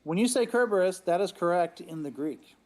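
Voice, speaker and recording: A man in a casual group discussion who asks questions in an inquisitive, drawn-out way. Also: sits high, lively intonation, darkish tone. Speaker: discussion participant.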